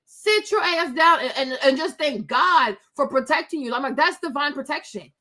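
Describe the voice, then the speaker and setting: High bright sassy woman vlogger. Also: moderate pace, hardly any pauses. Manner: animated, sassy, laughs often, acts out quotes. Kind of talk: casual storytime chat to viewers.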